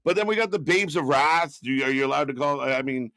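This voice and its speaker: A man from Canada with a mid-pitched voice that swings widely as he rants and swears. He laughs easily, and his voice is recorded close and dry, with no room sound. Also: dry recording. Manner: animated, swearing, quick to laugh. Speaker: co-host. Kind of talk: casual live reaction chat.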